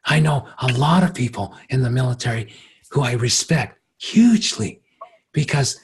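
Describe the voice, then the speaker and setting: A man as a spiritual teacher giving a reflective workshop talk, gentle and unhurried, often pausing and turning lively when he quotes others. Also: medium pitch, slightly rough.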